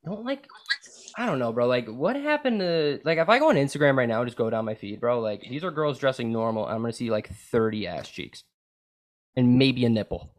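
Crude rambling young podcast host. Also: male voice, mid-range voice, very animated, fairly quick. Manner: crude, rambling, says bro and dude a lot. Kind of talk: casual chat.

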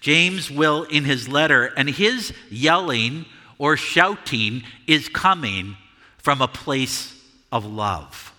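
A man preaching a sermon as pastor, speaking in a measured way with his voice carrying through a church. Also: a little high, lively intonation. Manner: measured preaching, shouts example words. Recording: church hall reverb.

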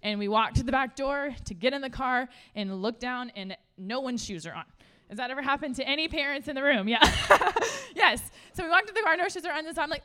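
A woman, preaching a sermon in a conversational, animated way and laughing often. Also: high-pitched, brisk, clear, resonant tone. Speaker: pastor.

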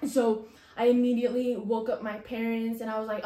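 A woman's voice: on the high side, level tone, a little fast, warm tone. Young woman telling her story, echoey room. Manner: emotional, many fillers like "like" and "you know". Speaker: guest sharing her testimony. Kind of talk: casual personal storytelling.

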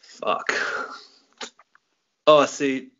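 A man's voice: drawn-out words, bright, forceful tone, lo-fi sound. A young Irish man hosting a casual late-night podcast, swearing freely and laughing at his own jokes. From Ireland. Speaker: podcast host.

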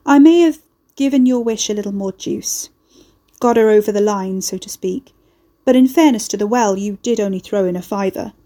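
A woman's voice: medium pitch, moderate pace, mellow, lightly acted. A woman doing a cheeky bloke neighbour. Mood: teasing. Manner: breezy, teasing slang. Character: cheeky working-class male neighbour, sly.

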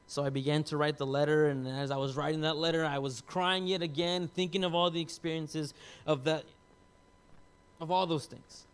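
A man in his thirties, a pastor, telling a personal story in a sermon, emotional and confessional, dropping to hushed tones and rising loud at times. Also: a little high.

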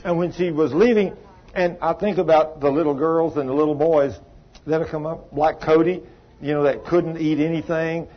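A man's voice: fairly high pitch, fairly even intonation, normal speed. A man preaching a sermon, telling folksy stories and acting out the people in them, recorded on dull lo-fi audio. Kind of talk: storytelling sermon.

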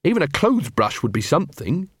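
A man voicing a brisk, practical young woman who is a werewolf. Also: fairly high pitch, big pitch swings, a bit bright, slightly rough, no room sound, clean studio sound, heavily acted.

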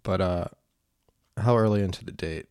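A young man with a deep, low voice rambles to himself in a casual vlog, recorded alone in his room. He pokes fun at himself and keeps stopping and restarting his sentences. The sound is close and dry, with no echo around him. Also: normal speed, a little mellow, smooth. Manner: rambling, self-mocking, restarts often. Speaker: vlogger. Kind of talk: casual self-talk vlog.

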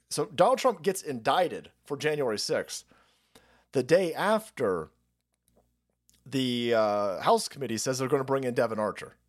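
A man hosting a political stream, ranting with heavy swearing and sarcasm. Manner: sarcastic, swears a lot, pitch swings widely. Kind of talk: profane political rant.

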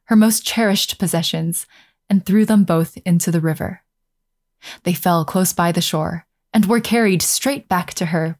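A woman narrating a fairy tale aloud in a calm, measured way, slowing down over scenic passages. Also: on the low side. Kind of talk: storybook narration.

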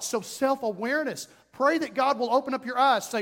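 A middle-aged man preaching a sermon as pastor, emphatic and repetitive, with quick self-talk asides. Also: very high-pitched, a bit bright. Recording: long reverb in a hall.

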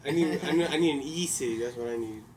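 A man's voice: medium pitch, fast, darkish tone, slight background noise. A young man co-hosting a podcast, bantering casually in slang. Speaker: podcast co-host. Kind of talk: casual chat.

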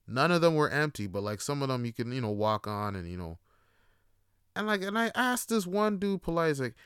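A man rambles through a story, cursing freely and piling on fillers. His voice is smooth and resonant, of middle pitch, and it is recorded close and dry with no room echo. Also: sing-song, a little fast, fairly bright tone. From Toronto. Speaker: podcast host. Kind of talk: casual monologue.

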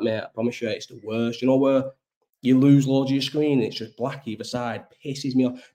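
A man's voice: fairly low pitch, warm tone. A man hosting a casual livestream chat, rambling and swearing freely, ill and coughing. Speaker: live chat host.

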